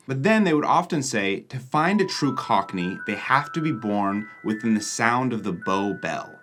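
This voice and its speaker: A man narrates his travel vlog in a candid, joking manner with a bright, forceful tone. His voice sits a little low, and he talks loosely and casually. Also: big pitch swings, normal speed, hardly any pauses, soft background music. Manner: candid, jokey, swears casually. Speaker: travel vlogger and host.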